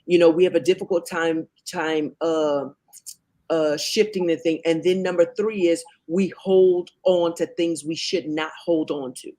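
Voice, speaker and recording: A man's voice: on the high side, steady tone, a little slow, a little mellow. A man co-hosting a faith talk show. He gives Bible teaching point by point, with frequent restarts. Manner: counts off points, many restarts and fillers. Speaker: co-host.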